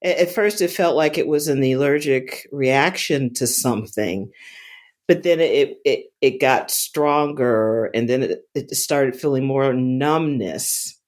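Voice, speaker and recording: Woman telling a story haltingly. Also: a bass voice, darkish tone. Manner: halting, repeats words and restarts often. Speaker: storyteller recounting a personal experience. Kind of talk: casual spoken story.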